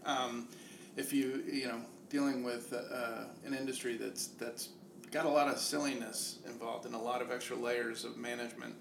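A man in his forties co-hosting a podcast, talking casually and haltingly as he searches for words. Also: medium pitch, steady tone, creaky. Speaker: podcast co-host. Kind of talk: casual chat. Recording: echoey room with background noise.

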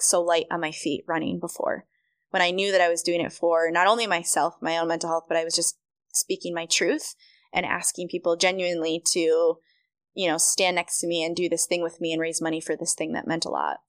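Lively low-voiced young woman storyteller. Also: no echo. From Michigan, USA. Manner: chatty, animated, acts out quoted dialogue. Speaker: podcast guest, running coach. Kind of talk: casual storytelling interview.

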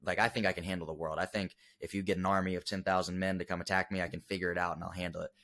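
A young man with a very low, deep voice tells a personal story as a podcast guest. He talks earnestly and emotionally, with plenty of fillers and restarts. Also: flat delivery, racing, sharp tone. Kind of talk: casual storytelling interview.

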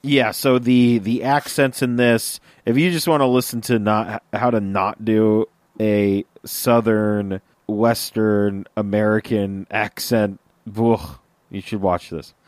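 Man, podcast co-host, slow drawn-out talk, laughs a lot, close dry mic. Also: lowish voice, fairly even intonation, darkish tone, no room sound. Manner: slow, laughs often, exasperated asides. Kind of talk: casual podcast chat.

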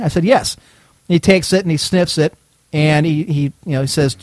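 A man with a slightly raised voice tells a rambling story at an easy, chatty pace. He sounds animated and laughs now and then. The sound is dry and close, with no room around it. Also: on the high side, fast talker, no room sound. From Cleveland, Ohio. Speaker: show host. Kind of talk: casual storytelling chat.

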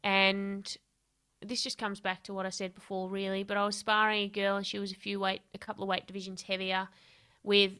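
A woman's voice: mid-range voice, brisk, smooth. A woman, a podcast guest and coach, telling candid stories in a casual interview and swearing freely. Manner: lively, candid storyteller who swears freely and laughs often.

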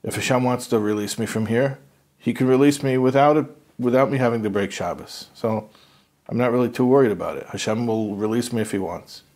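A man voicing a devout young male prisoner who calmly stands his ground, with a husky voice. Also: mid-range voice, a little fast, natural voice. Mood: insistent.

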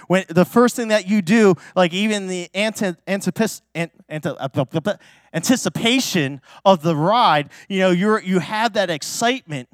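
High-voiced pastor telling stories, chatty. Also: male voice, moderate pace, no room sound, clean studio sound. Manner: chatty, with many fillers and restarts. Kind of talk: casual storytelling sermon. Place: church.

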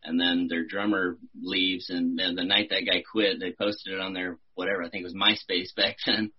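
A man's voice: low-pitched, little pitch movement, moderate pace, breathy edge, muffled recording. A man from Texas, an actor and musician in his thirties, chatting casually on a podcast, laid-back, swearing and laughing often. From Austin, Texas.

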